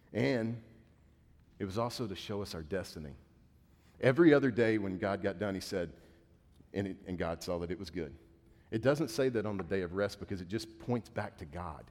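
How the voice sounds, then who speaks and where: A male pastor preaching a conversational sermon, dropping to a hushed voice when quoting. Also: on the low side, normal speed. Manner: conversational preaching, drops to a hushed voice for quoted words. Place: church sanctuary. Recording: reverberant church hall.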